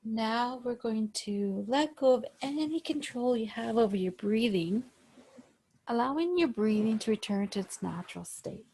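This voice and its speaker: A woman yoga instructor gently guiding breathing exercises over a video call. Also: on the high side, lively intonation, slightly rough. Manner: slow, gentle, soothing guidance.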